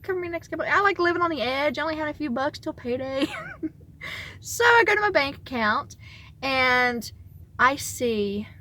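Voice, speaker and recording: A young woman tells a story on her vlog in an animated, excitable way. Her voice is bright and a little high, and she talks casually. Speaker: vlogger.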